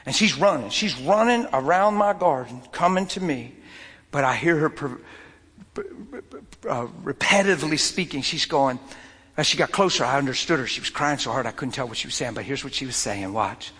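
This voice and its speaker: A man preaching a sermon and telling a personal story, swinging from loud outbursts to near whispers. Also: medium pitch, animated, normal speed, husky, long reverb tail.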